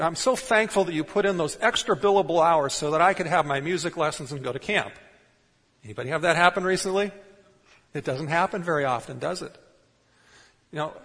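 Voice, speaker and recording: A man's voice: mid-range voice, fairly bright tone, slightly rough. A man pastor delivering a conversational sermon, putting rhetorical questions to the congregation. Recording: long reverb in a large hall.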